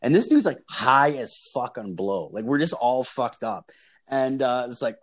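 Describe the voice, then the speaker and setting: A man's voice: medium pitch, normal speed. A young man telling a long story in casual chat, rambling and profane, with lots of fillers.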